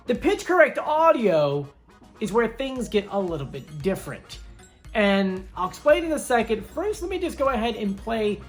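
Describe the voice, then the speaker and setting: A woman's voice: fairly high pitch, very animated, normal speed, faint music behind. A woman hosting a casual commentary video, chatting and thinking aloud as she weighs up her guesses. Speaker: video host.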